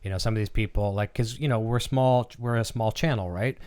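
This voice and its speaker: A man's voice: fairly low pitch, brisk, a little mellow. A man hosting a casual live-stream chat with his son, talking loosely and filling gaps with ums and uhs. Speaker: channel host and father.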